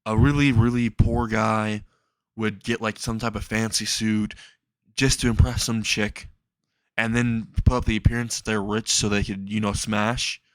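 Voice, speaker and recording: A man's voice: lowish voice, flat delivery, moderate pace, no room sound, close to an everyday voice. Man doing a goofy laid-back pro hero. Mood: rambling.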